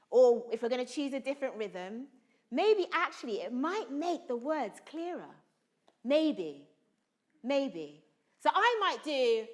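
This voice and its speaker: Animated woman coaching an acting class. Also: high voice. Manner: animated, coaxing, asks the group constant questions. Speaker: drama workshop leader. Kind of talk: energetic acting workshop coaching. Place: school hall or conference room.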